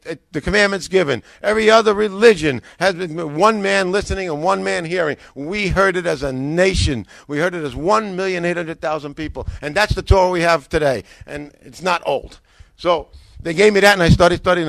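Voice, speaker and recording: A man telling his own conversion story in a lively way, acting out what people said to him, with frequent restarts. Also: sits high, vocal fry, no echo. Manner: animated, acts out quoted dialogue, frequent restarts. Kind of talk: personal testimony, storytelling.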